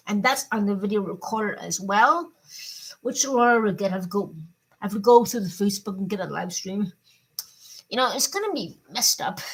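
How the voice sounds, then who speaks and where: A middle-aged woman giving a personal video update, upset and swearing, her voice swinging between loud anger and quiet, subdued talk. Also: medium pitch, poor audio. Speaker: vlogger.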